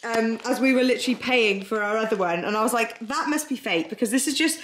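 A woman's voice: a little high, fast, a bit bright. A woman chatting casually to camera in a home vlog, rambling and giggly. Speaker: vlogger. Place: home indoors. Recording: roomy echo, faint noise.

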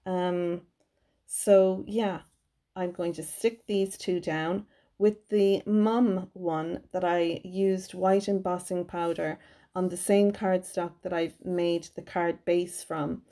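A woman's voice: lowish voice, fairly even intonation, takes it slowly, mellow. A woman giving a chatty, cheerful craft tutorial voice-over from her home craft room. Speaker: card-making crafter.

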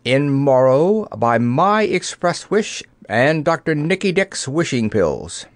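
A man's voice: a little high, big pitch swings, slow pace, no echo, voice pushed up. A man voicing a nervous little old wizard who speaks in a hesitant, uneasy way in a storybook reading.

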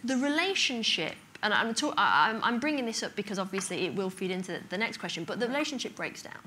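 A woman in her thirties interviews a guest on stage, her questions long and winding. Her voice is bright and lively, rising and falling a lot, and a faint room hum runs behind her. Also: mid-range voice, fast talker. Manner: probing, rambling questions with many hedges. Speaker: magazine editor, interviewer. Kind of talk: onstage interview. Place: conference stage before an audience.

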